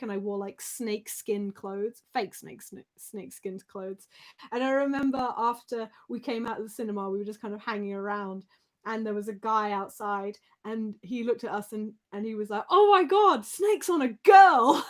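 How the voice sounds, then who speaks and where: Chatty young Englishwoman, higher voice. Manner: chatty and rambling, swears and laughs often. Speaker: live streamer. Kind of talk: casual live-stream chat.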